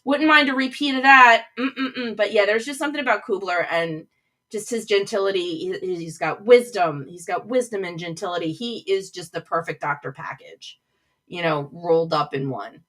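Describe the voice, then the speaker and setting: A middle-aged woman hosts a live show from her home office, with a bright, forceful voice. She chats casually and gushes, reading out and answering viewers' comments as she goes. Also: mid-range voice, moderate pace. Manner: gushing, chatty, reads out chat comments. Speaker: host of a livestream show.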